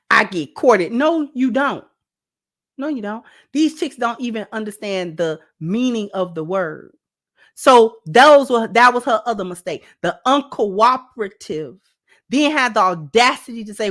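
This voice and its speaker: A woman host giving sassy, emphatic reaction commentary on a dating clip and talking straight to her viewers. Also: a little high.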